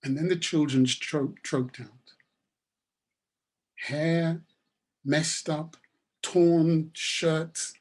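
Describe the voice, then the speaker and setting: A man's voice: on the high side, fairly even intonation, very slow, long pauses, darkish tone. A man giving a webinar talk and telling a story in an emphatic, repetitive manner. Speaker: webinar speaker.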